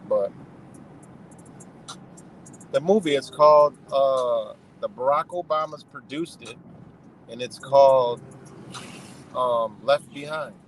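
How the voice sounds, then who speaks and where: Streaming live from his car, a man rants casually and profanely, rambling and repeating "you know" again and again. His mid-range voice is slow with frequent pauses, over clear music, slight background noise, and low-quality recording.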